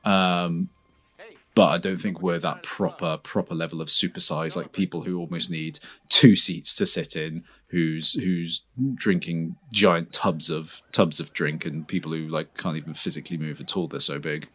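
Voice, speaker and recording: A man's voice: low-pitched, steady tone, normal speed, fairly bright tone. Sweary, rambling guy. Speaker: film commentary co-host. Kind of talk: casual watch-along chat.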